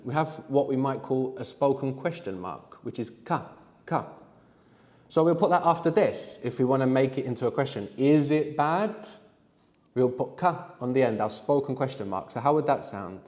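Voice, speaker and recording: A man's voice: medium pitch, animated, a little mellow. Man teaching a class in a reverberant room. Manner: explains slowly, prompts students to answer. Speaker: language teacher. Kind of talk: live language workshop. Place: room with students.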